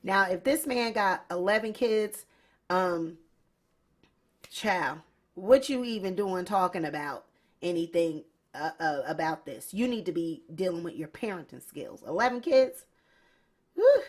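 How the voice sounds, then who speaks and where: A woman's voice: on the low side, animated, a little slow. A woman hosting a celebrity gossip show, talking casually and sassily straight to her viewers. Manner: sassy, talks straight to viewers. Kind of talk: casual commentary.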